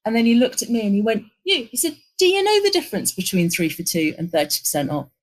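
A middle-aged woman, telling an animated work anecdote in an interview and acting out the lines of the people in it. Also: on the high side, fast talker, poor audio. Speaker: interview guest, agency executive. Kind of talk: conversational storytelling.

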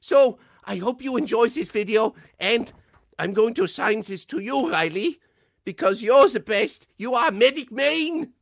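Shrill, gushing army doctor played by a man, sing-song and booming, pitch leaping all over. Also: lively intonation, a little slow, gravelly, no echo, studio quality, heavily acted. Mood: gleeful. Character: gleeful, overexcited male army doctor.

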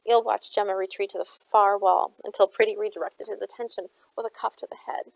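A woman narrates a novel at an even storytelling clip, her voice showing some vocal fry at mid pitch. The recording is dry and close, with no room sound. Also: brisk, dry recording, rough recording. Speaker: audiobook reader. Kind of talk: reading a novel aloud.

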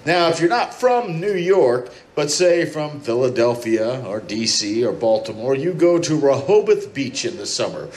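Wry, lively-pitched man telling stories. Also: moderate pace, hardly any pauses, rough recording. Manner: bantering, profane, wry storytelling. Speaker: comedy panelist. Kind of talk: live convention comedy panel. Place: convention panel room with audience.

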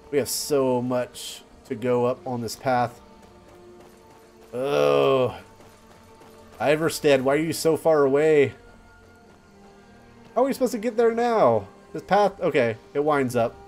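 A young man hosting a let's play, giving casual gameplay commentary and getting easily excited, yelping and laughing at surprises. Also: mid-range voice, a little slow, long pauses, soft background music.

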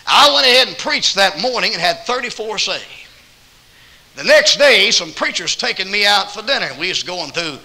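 Man, Southern accent, evangelist sermon, folksy storytelling, very bright tone, animated pitch. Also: normal speed, low-quality recording. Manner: folksy anecdotes, quoting himself and others, bursts of loud emphasis. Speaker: evangelist preacher. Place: church auditorium.

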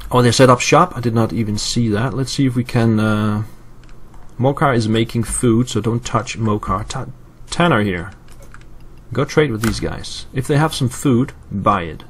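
A man's voice: medium pitch, a little slow, long pauses, a little hiss or hum. A man from Europe casually commenting on his gameplay, thinking aloud with fillers and answering live chat. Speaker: let's play host.

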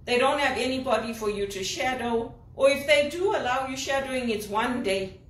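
Woman from Zimbabwe, executive assistant, venting emphatically; slightly high voice, picked up from across a room. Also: normal speed. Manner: indignant, emphatic complaining. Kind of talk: personal vlog monologue. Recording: roomy, distant from the mic.

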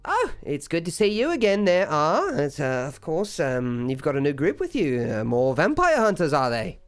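A man voicing a friendly small female goblin secretary who chats warmly. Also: on the high side, huge pitch swings, moderate pace, smooth, soft background music, pitched above the performer's own voice.

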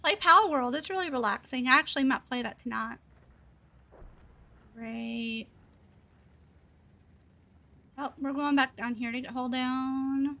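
A young woman live-streaming a game, chatting to viewers and talking excitedly, often laughing. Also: sits high, moderate pace, creaky. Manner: excited, laughing, breathless with joy. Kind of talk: live-streamed gameplay chat.

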